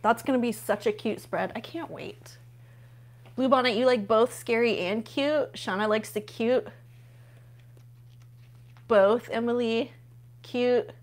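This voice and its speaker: Taking her time and pausing often, a woman with a voice on the high side hosts a casual live unboxing from home. She's gushing and chatty, talking to viewers about what she unpacks as she flips pages.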